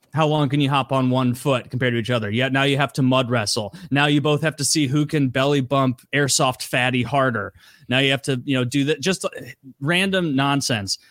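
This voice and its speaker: A man's voice: mid-range voice, a bit bright, no echo, clean studio sound. A man retelling a story in casual chat, rambling, with many "like" fillers and frequent swearing.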